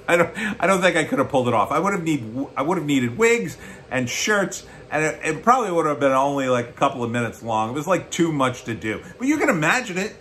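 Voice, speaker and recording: A man's voice: medium pitch, a bit bright, a little hiss or hum. An American man giving blunt, sarcastic political commentary on his own show, often rising into mocking outbursts. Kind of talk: opinionated solo commentary.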